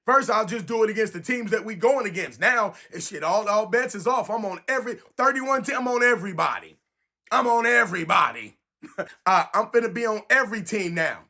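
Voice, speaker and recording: A man's voice: high-pitched, a little fast. A man from San Francisco, ranting casually and emphatically to camera as a sports fan, repeating his points. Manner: animated, emphatic, repeats phrases.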